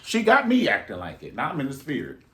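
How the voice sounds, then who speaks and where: A man's voice: mid-range voice, wildly swooping pitch, quick pace, sharp tone. A man giving sassy, profane, rambling gossip commentary in a vlog.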